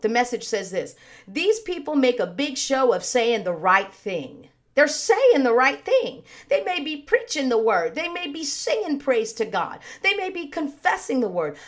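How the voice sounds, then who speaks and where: A woman leading an online worship service, preaching in an earnest, conversational way with a slightly raspy voice. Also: on the high side, a bit bright. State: a little raspy. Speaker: worship leader. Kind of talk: sermon with worship singing.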